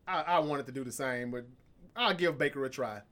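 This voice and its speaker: A man's voice: medium pitch, brisk, fairly bright tone. A man co-hosting a casual sports podcast, talking with confident, boastful trash talk about his picks. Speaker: podcast co-host.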